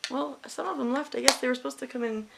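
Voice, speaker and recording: Creaky-voiced woman chatting over makeup. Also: high-pitched, fast talker, pushed and bright, low-quality recording. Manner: candid and emotional, swears freely, rambling. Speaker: makeup vlogger. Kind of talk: casual chat while doing makeup. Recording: faint hiss.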